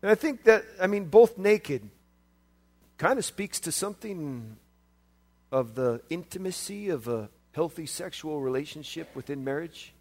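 A preacher from the United States delivering a sermon, animated, swinging from quiet asides to loud shouts. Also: male voice, fairly high pitch, unhurried.

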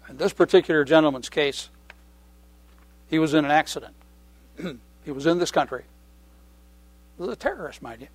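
Middle-aged guy preaching, kinda high voice, dry sound, keeps repeating lines and clearing his throat. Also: normal speed, long pauses, no echo. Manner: conversational, repeats key phrases, frequent throat clearing. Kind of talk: sermon.

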